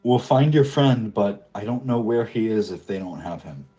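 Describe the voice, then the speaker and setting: A man voicing a grieving young woman who speaks through tears, halting and desperate, in a tabletop game. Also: fairly low pitch, animated, dark tone, soft background music, natural voice. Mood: resolved. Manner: tearful, halting.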